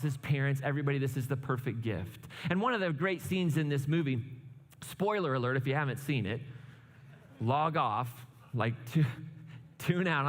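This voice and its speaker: A man preaching a conversational sermon in a church, chatty and joking, often checking in with the listeners with "right?". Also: mid-range voice. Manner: chatty, asks "right?" often, jokes asides. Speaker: pastor. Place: church sanctuary. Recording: long hall reverb.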